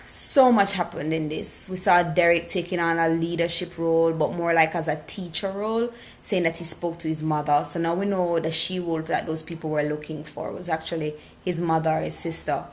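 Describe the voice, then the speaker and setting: A woman talking casually and excitedly into her camera, recapping a TV episode and acting out the characters' lines. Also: lowish voice. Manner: excitable, animated retelling with quoted lines.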